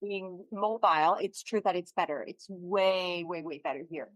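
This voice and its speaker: A woman's voice: lowish voice, normal speed, dry recording, low-quality recording. Woman guest, dry and close. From France. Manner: earnest, questioning, with restarts. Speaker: podcast guest. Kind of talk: casual podcast conversation.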